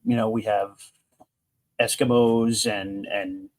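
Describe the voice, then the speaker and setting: A man's voice: fairly low pitch, flat delivery, takes it slowly. A man casually reviewing a comic book, retelling the story with enthusiasm in a rambling way that is full of restarts.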